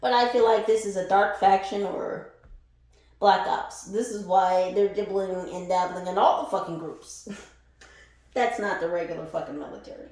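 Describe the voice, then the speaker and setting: A woman's voice: medium pitch, moderate pace, a little mellow, very echoey, low-quality recording. A woman giving a casual spiritual reading, exuberant and profane, laughing often as she talks. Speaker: spiritual reader.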